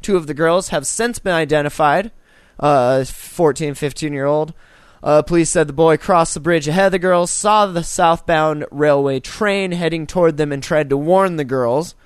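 A man's voice: a little high, moderate pace, smooth, no echo, clean studio sound. A young man co-hosting a casual podcast, reading news stories aloud and breaking off to swear and joke. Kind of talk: casual crude chat.

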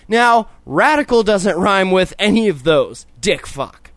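A man's voice: high-pitched, sing-song, slow pace, a bit bright, dry recording. A man hosting a talk show, sarcastic and profane, joking crudely through the news. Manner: profane, sarcastic, mock-indignant. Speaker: podcast host.

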